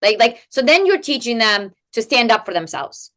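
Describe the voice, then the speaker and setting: A woman guest expert explaining in a conversational interview, animated and peppered with "like" and "right?" tags. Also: a little high, normal speed. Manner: animated, rhetorical "right?" tags, many "like" fillers. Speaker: guest expert in family coaching.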